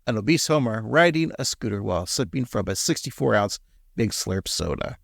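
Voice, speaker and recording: A man hosts a podcast, walking through an episode and needling his co-host. His pitch moves a lot and the sound is dry and close. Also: a little fast, gravelly, no echo. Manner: teasing, animated. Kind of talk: casual episode recap.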